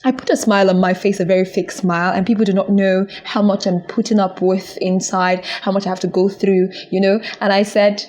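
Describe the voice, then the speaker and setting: A woman's voice: medium pitch, flat delivery, a little fast, hardly any pauses, darkish tone. A young woman hosts a podcast in an earnest, encouraging monologue. Her voice sits in a middle register and swings up emphatically when she presses a point. She talks casually, as if to a friend. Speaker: podcast host.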